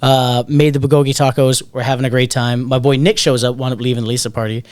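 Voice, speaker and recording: A man's voice: mid-range voice, level tone, fast talker, a little mellow, clear, resonant tone, dry recording. A man co-hosting a podcast, telling a party story in casual, rambling chat and swearing freely. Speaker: podcast co-host.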